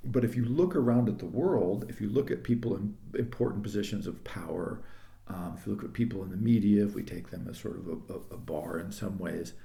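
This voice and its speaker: A man delivers a lecture, circling his points with restarts and asides. His voice is low and gravelly with a mellow, dark tone. The room adds a noticeable echo. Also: fairly quick. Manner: discursive, full of restarts and asides. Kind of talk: recorded lecture.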